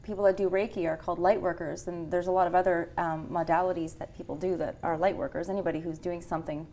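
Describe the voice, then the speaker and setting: A woman's voice: lowish voice, little pitch movement, fast talker, dark tone. A woman Reiki practitioner explaining her work in casual conversation, earnest and reassuring. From Canada. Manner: earnest, reassuring, laughs easily.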